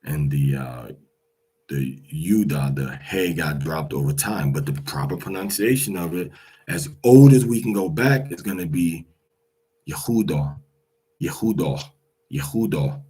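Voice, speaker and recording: Slow, husky, deep-voiced male teacher. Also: warm tone, rough recording. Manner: slow and repetitive, drilling each word aloud with fillers. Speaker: Hebrew pronunciation teacher. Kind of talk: casual spoken lesson.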